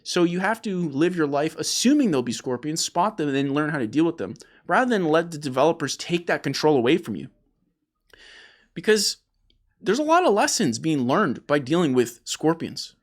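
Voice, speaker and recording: A man hosting an opinionated gaming discussion, emphatic and animated, often repeating words as he starts a point. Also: on the high side, normal speed. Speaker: host.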